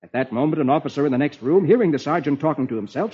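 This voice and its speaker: A man's voice: a little high, expressive, quick pace, hardly any pauses, a little hiss or hum. A man hosting an old children's radio show, reading the comics aloud in a playful, sing-song storytelling manner. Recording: muffled old radio broadcast.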